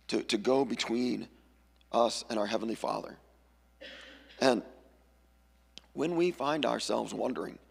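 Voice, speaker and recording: A male pastor gives a casual, storytelling sermon, now and then jumping into lively voices for the people in his stories. His voice is very gravelly and a little husky. The sound rings with the long reverb of a church hall. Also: medium pitch. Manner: conversational storytelling, animated character voices. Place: church sanctuary.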